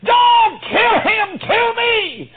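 A man voicing the biblical Judah as a desperate brother who pleads and breaks into high shouts, in a tinny, lo-fi recording. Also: sing-song, unhurried, gravelly, exaggerated voice. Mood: pleading.

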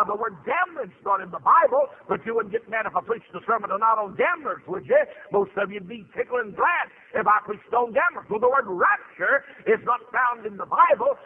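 A man preaching a fervent revival sermon, full of "uh" fillers and rising to shouts. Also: extremely high pitch. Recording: tinny phone-like radio broadcast.

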